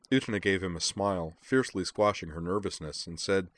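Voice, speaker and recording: A man narrating a story in a steady audiobook style. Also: low voice, a little fast, few pauses, no echo.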